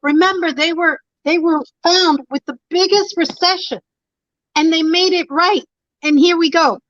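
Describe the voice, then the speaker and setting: A woman's voice: extremely high pitch, unhurried, a bit bright, dry recording. A woman calling in to a talk show, speaking with preachy emphasis and repeating her points. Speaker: caller. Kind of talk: impassioned call-in talk. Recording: dull lo-fi phone line.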